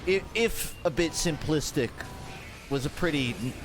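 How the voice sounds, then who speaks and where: A man's voice: fairly high pitch, expressive, measured pace, over music. A man from Georgia in the United States with a Midwestern American accent, chatting casually and jokingly while playing a game on a livestream. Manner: joking, rambling, self-mocking. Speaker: streamer. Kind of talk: casual gaming livestream commentary.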